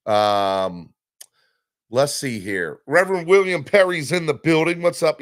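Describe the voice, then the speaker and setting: A man hosting a live sports fan podcast, talking in an animated, rambling way with many fillers. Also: mid-range voice, unhurried, no room sound, studio quality. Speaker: podcast host.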